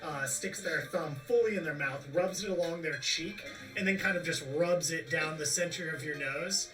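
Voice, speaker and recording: A man's voice: on the high side, normal speed. A man narrating as game master of a tabletop game, in a loose, rambling way full of fillers. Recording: distant mic with music behind.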